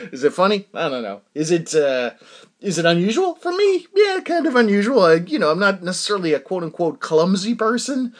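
A man casually tells his audience a personal story, rambling and halting with frequent restarts and fillers. His voice sits high with big pitch swings.

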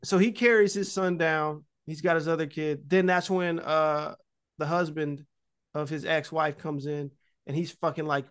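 A man with a high, light speaking voice recaps a film in loose, profane casual chat. He tells it with energy, acting out the characters' lines along the way. His words come fast and scattered, full of "like" and restarts. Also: clean tone. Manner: animated, profane retelling with acted-out quotes. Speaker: podcast host.

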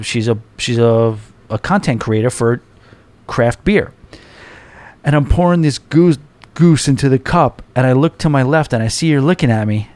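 A man's voice: medium pitch, no room sound. A man in his forties with a New York accent, hosting a podcast and rambling through a casual story with many restarts. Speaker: podcast host.

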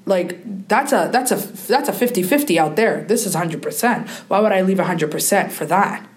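A young adult woman, a podcast guest, telling an emotional personal story with animated delivery and mimicked family voices. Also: mid-range voice, moderate pace.

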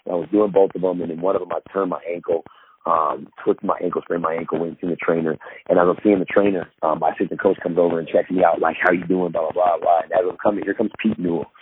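A former pro basketball player, guesting on a podcast, tells a long, rambling story full of fillers and restarts, acting out what people said. His low voice is steady and fast, coming through a tinny, phone-like line with faint noise.

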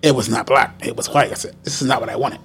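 A man's voice: medium pitch, steady tone, quick pace, fairly bright tone, husky. A man, co-hosting a casual podcast chat, rambling with lots of fillers and casual swearing. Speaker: podcast co-host.

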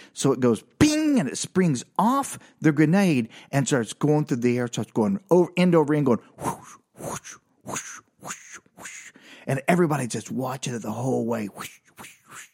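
An older man telling a self-mocking comedic story about his childhood, animated and full of sound effects. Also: mid-range voice.

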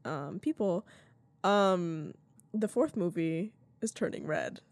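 A woman's voice: lowish voice, slow pace, no echo. Rambling young woman podcast host. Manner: rambling, full of fillers like "like". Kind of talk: casual chat.

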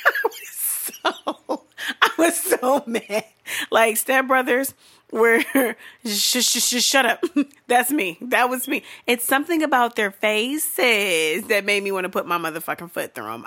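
A young woman telling a comedic, profane story about her day, swinging between hushed asides and loud, exasperated outbursts. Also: medium pitch. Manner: breaks into laughter while talking.

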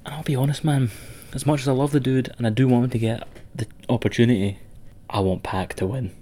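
A Scottish man with a mid-range, dark-toned voice talks quickly and with fairly even intonation. Co-hosting a wrestling podcast, he rambles and swears while chatting casually with a friend, laughing a lot.

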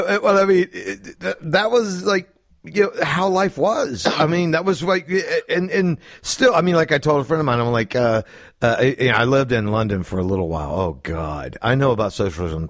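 A man hosting a casual chat, low-key and given to repeating emphatic asides. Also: brisk, dry recording, studio quality.

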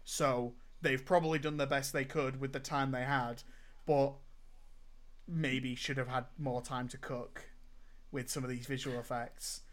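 A man with a medium-pitched voice co-hosts a podcast, casually reviewing films in an enthusiastic, emphatic way and repeating words at the start of sentences. His delivery is flat and unhurried.

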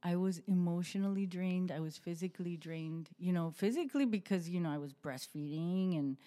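Heartfelt woman with a mellow voice. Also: on the low side. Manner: heartfelt, halting, with restarts and soft laughs. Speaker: podcast host. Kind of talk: emotional personal testimony in an interview.

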